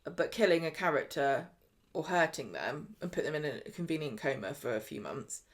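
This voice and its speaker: A woman co-hosting a casual chat about a soap, chatty and quick to act out characters in brief impressions. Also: deep voice, animated. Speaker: podcast co-host.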